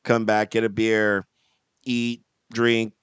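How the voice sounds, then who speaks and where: A man's voice: fairly low pitch, completely flat delivery, slow, fairly bright tone, smooth, no echo. A man co-hosting a podcast, telling a rambling story in casual chat and laughing often. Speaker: podcast co-host.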